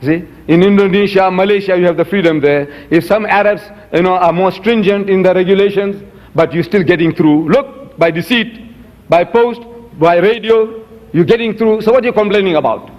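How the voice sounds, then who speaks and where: A man's voice: sits high, normal speed, big-room sound, muffled recording. An older man giving a public lecture, emphatic and given to repeating words.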